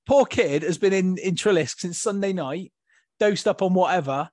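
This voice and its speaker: A man's voice: high voice, moderate pace, darkish tone, no echo, studio quality. A man hosting a casual podcast banter session over a video call, rambling and laughing often. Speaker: podcast host.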